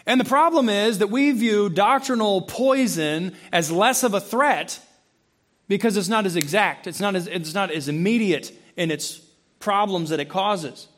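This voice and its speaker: A man preaching a sermon to his congregation, asking them questions and acting out voices, swinging between loud, high emphasis and low, quiet intensity. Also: unhurried. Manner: acts out quoted voices and asks the congregation questions. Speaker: pastor. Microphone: handheld or stand mic, close.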